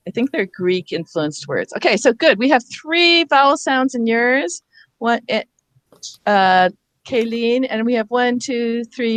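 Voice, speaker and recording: A woman with a slightly high voice, recorded dry, leads a teacher workshop on reading over a video call. The reading instructor patiently sounds out words syllable by syllable.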